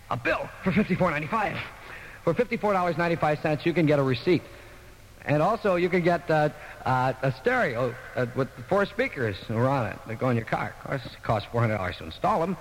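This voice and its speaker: A man's voice: on the high side, big pitch swings, fast talker, long reverb tail, a little hiss or hum, poor audio. A man working as a radio disc jockey in a studio, rambling through joking banter and ad reads and acting out both sides of conversations. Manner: wisecracking, rambling, acts out both sides of dialogues.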